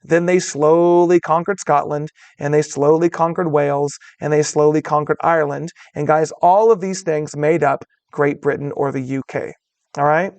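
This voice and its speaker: A man with a fairly high voice gives a history lesson straight into a close microphone, so the sound is dry with no room echo. He talks to students in a casual way, calls them "guys" and keeps asking "all right?". Now and then he puts on a quick voice for the people he is describing. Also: steady tone, a little mellow. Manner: acts out voices of historical groups in quotes. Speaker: history teacher. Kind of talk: recorded classroom lecture.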